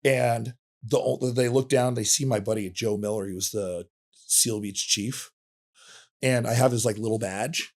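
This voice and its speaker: A man's voice: medium pitch, fairly even intonation, unhurried. A middle-aged man from California, a guest on a podcast, telling long rambling stories with casual swearing. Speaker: guest, veteran fighter. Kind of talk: casual storytelling.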